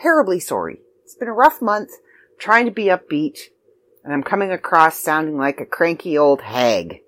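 A woman's voice: sits low, expressive, normal speed, fairly bright tone. A middle-aged woman from Canada, a magazine editor talking casually and promoting a writing contest with chatty, self-deprecating asides. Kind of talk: casual video announcement.

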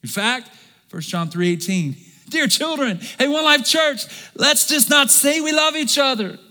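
High, bright-voiced man preaching in a hall. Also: lively intonation, a little slow. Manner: swings from soft and low to loud and emphatic, calls for congregation response. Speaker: pastor. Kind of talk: sermon. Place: large church hall. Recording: long hall reverb.

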